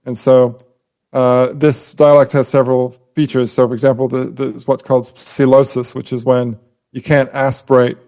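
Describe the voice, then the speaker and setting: Mellow-voiced man explaining poetry. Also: medium pitch, little pitch movement, moderate pace. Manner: explanatory, taps out rhythms by voice. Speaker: podcast co-host. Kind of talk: casual scholarly discussion.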